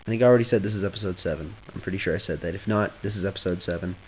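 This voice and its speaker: A man's voice: low voice, racing, slight background noise. Young man rambling on a tinny recording. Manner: offhand, joking, trails off and restarts. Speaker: vlogger. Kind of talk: rambling casual vlog.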